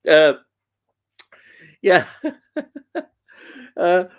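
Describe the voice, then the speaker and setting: A man's voice: high-pitched, sing-song, very slow. A man hosting a casual live stream, chatting about films and reading out viewer comments, rambling and hesitant with many ums and restarts. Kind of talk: casual chat.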